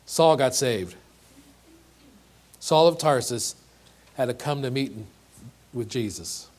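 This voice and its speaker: A man's voice: medium pitch, expressive, slow pace, darkish tone. A man preaching a sermon, earnest and emphatic, often repeating and restarting words and asking rhetorical questions. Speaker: pastor.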